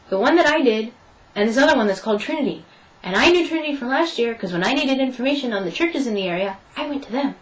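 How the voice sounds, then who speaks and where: Chatty young woman, slightly high voice. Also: expressive, fast, dull audio, slight background noise. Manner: chatty storytelling, acting out both sides of conversations. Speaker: vlogger. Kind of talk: casual vlog update.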